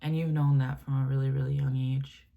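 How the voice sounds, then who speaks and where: In a very deep, gravelly voice, a woman gives a channeled spiritual reading, speaking a little fast with a flat delivery. She is gentle and affectionate, calling the listener "my love" and "baby," and her speech meanders with lots of fillers, restarts and self-corrections.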